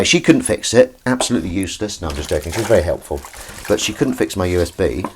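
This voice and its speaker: A man's voice: fairly low pitch, fast, a little hiss or hum. A man hosting a casual live stream from his kitchen, rambling through stories and calling his cat in a coaxing voice. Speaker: livestream host. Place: home kitchen.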